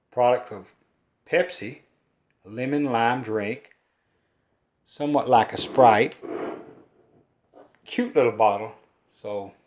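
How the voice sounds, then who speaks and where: A man's voice: on the low side, a little mellow. An older man with a Southern drawl from Kentucky and Louisiana talks straight to camera. His storytelling is homespun and earnest, and he rambles from one thought to the next. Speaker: folk-art vlogger and collector. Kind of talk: rambling folksy monologue to camera.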